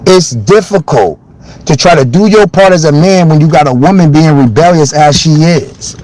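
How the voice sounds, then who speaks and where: A man talks straight into his phone on a live stream, loud and worked up. His voice sits high for a man. He is blunt and swears freely as he vents to his chat. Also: animated, normal speed, dry recording, rough recording. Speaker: livestreamer. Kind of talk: livestream rant to chat.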